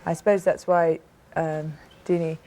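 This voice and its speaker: Lower-voiced British woman telling her story. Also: little pitch movement, unhurried, dark tone. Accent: British English. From Britain. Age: 30s. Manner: earnest and emphatic, frequent restarts. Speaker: talk show guest. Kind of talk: personal storytelling in a TV interview.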